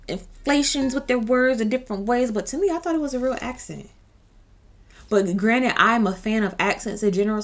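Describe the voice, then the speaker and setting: Sassy woman chatting to camera. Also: medium pitch. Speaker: YouTube commentator. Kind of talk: casual commentary vlog.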